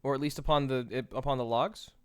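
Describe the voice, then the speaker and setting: A man's voice: medium pitch, fairly even intonation, fast, clean tone, no echo. A man streaming a game, thinking aloud in a playful, rambling way and swearing casually as he talks to chat.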